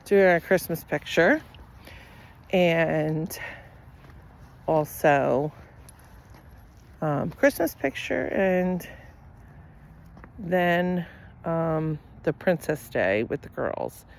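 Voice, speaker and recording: Slow, gravelly woman chatting on a walk. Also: on the low side. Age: middle-aged. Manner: rambling, chatty, many fillers. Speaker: vlogger. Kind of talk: casual chat. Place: outdoors walking a dog.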